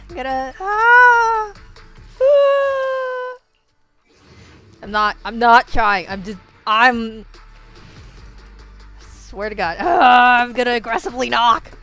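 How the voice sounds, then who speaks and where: A woman streamer giving casual gaming commentary, excitable, swearing and bursting into yells. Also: fairly high pitch.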